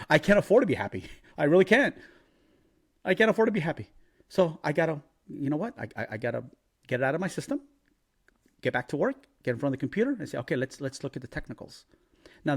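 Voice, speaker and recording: A brash, profane man giving casual market commentary as a crypto trading vlogger, thinking aloud while checking charts. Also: mid-range voice.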